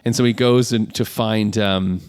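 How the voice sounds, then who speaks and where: A man's voice: on the low side, steady tone, moderate pace, darkish tone, clean tone, dry recording. A man co-hosting a podcast, animatedly retelling a film and laughing often. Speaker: podcast co-host. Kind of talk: casual chat.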